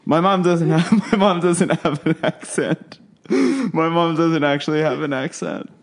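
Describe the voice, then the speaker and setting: A man's voice: a little high, lively intonation, a little slow. A young man co-hosting a comedy podcast, rambling and joking, often breaking into laughter. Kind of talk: casual comedy podcast chat.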